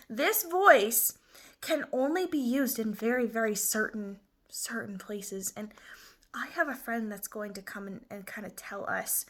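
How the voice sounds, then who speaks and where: A woman teaching young children, slow and clear, encouraging them with exaggerated emphasis. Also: on the high side, fairly bright tone.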